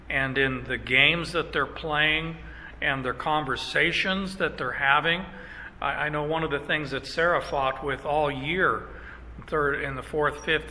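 Slow, bright-voiced preacher in a hall. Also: male voice, a little high, a little hiss or hum. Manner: emphatic preaching with slow stressed phrases. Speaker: pastor. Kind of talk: sermon.

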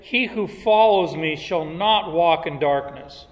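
Male preacher, emphatic and slow, slightly high voice, long hall reverb. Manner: slow, emphatic, teaching tone with verse references. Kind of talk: expository sermon.

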